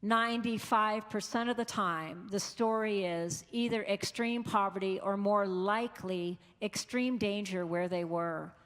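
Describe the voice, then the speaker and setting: A woman's voice: mid-range voice, measured pace, hardly any pauses, fairly bright tone. A woman pastor giving an earnest, conversational sermon, quoting the people she has met. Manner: earnest, conversational preaching with quoted voices. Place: large church. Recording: long church reverb.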